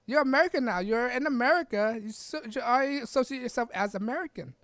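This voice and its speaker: A woman with a fairly high voice hosts a podcast monologue, pressing her points with repeated rhetorical questions. Her delivery is emphatic, and she often tags a line with a quick check for agreement. The sound is close and dry, with no room echo. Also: animated, fairly bright tone. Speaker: podcast host. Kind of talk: opinion monologue.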